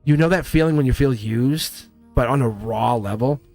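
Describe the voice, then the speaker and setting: A man's voice: medium pitch, moderate pace, vocal fry, a little mellow, soft background music. Laughing blunt Boston man. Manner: casual and blunt, laughs often, swears. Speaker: tarot reader. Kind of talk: live-stream tarot reading.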